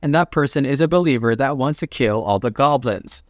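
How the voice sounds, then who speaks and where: A man reading the lines of a quick-witted, scheming young woman in a comic recap, with little change from his own voice. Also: medium pitch, no room sound, clean studio sound, lightly acted.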